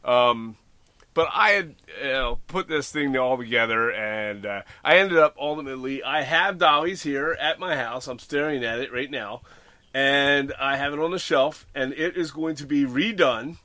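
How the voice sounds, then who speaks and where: Chatty host, a man, forceful bright voice, dry mic. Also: medium pitch, moderate pace, no echo. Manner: rambling, self-deprecating, many fillers. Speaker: model railroad hobbyist podcast host. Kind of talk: casual chat.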